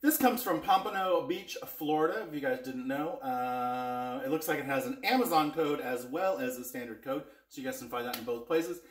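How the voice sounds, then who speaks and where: A chatty man hosts a casual taste-test vlog from a home kitchen and talks straight to his viewers. His voice sits a little high for a man. The room rings with echo. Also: a bit bright. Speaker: cooking vlogger reviewing spice blends.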